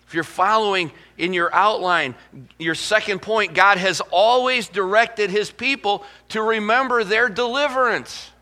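A middle-aged man preaching a sermon as pastor, telling folksy stories and slowing down to quote scripture. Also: high voice, pushed and bright.

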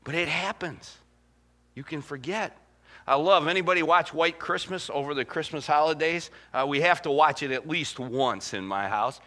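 High-voiced bright-toned pastor preaching. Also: male voice. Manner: folksy storytelling, slows for scripture quotes. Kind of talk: sermon.

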